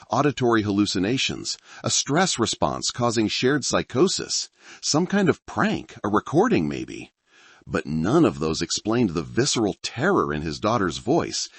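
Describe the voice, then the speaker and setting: A man's voice: on the low side, husky, no room sound. A man reading a thriller story aloud as narrator, in a dramatic, tense storytelling manner. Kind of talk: scripted narration.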